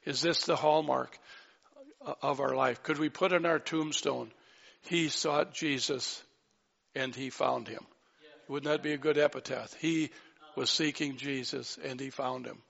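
A man's voice: medium pitch, fairly even intonation, measured pace, creaky, a bit bright. A man preaching a sermon, fervent, rising to exclaim lines of scripture. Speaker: pastor. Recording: dull sound in a reverberant hall.

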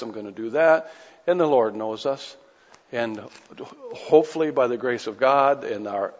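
A man preaching an earnest sermon, moving between quiet reflection and pressing intensity. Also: mid-range voice. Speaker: pastor. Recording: dull audio with long hall reverb.

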